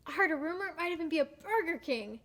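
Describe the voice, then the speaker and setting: A young actress playing a blunt, teasing younger sister in a student stage play. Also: female voice, very high-pitched, lively intonation, quick pace, a bit bright. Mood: needling. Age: young adult. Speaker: actor.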